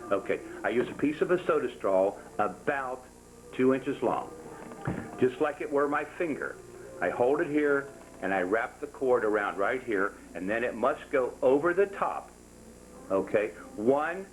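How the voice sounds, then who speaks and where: The recording is rough, and the older man's voice sits at medium pitch. As a rosary-making instructor, he demonstrates to a small class in a folksy, jokey way, repeating himself and counting steps aloud.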